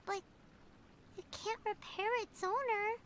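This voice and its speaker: A tiny squeaky girlish sidekick in a game, super high, kinda slow and earnest. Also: fairly even intonation, a bit bright, slight background noise, heavily acted. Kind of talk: video game voice acting.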